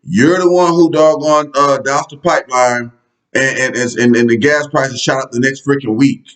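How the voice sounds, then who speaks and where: A man's voice: mid-range voice, moderate pace, a bit bright, low-quality recording. Man, casual political rant, profane, sarcastic, talks straight to viewers. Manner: conversational, addresses viewers directly. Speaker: political commentary vlogger.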